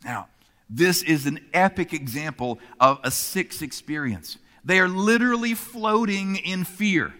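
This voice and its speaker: Guy preaching a sermon, bright a bit high voice, goes loud then hushed, long hall echo. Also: measured pace. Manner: expressive, swinging between emphatic and hushed delivery. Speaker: pastor.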